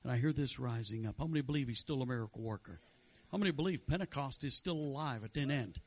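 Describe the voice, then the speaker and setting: A fervent male preacher with a gravelly, slightly husky voice, chanting praise and calling out to the congregation. The sound is dull and lo-fi. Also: medium pitch, fast, a little mellow. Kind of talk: sermon with prophetic words.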